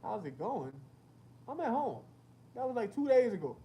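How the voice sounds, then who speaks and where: Animated young man telling stories. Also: extremely high pitch, moderate pace. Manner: animated storytelling with lots of slang and cursing. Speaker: rapper hosting a livestream. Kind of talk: casual livestream chat reading comments.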